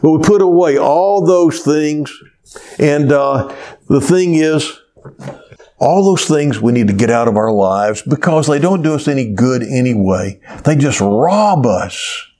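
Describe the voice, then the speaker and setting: Slow, deliberate male preacher. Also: on the high side, expressive, warm tone. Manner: slow, deliberate storytelling with stretched-out words. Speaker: pastor. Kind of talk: sermon.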